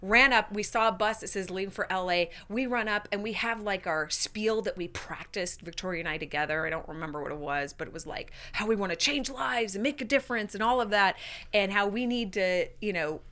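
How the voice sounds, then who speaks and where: Woman, podcast guest, bright tone, animated storytelling, filler-heavy casual talk. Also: mid-range voice, fairly quick. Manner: animated, laughing, full of fillers like "like".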